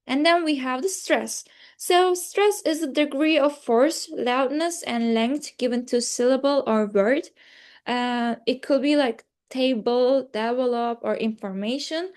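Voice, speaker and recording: High-voiced Turkish-accented young woman presenting. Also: a little mellow. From Turkey. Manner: hesitant, many fillers and self-corrections. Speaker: student presenter. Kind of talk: class presentation.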